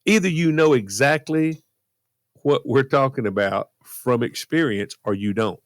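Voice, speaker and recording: A man's voice: medium pitch, unhurried, no room sound, clean studio sound. A man co-hosting a podcast, chiming in with short agreeing replies in casual chat. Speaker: podcast co-host.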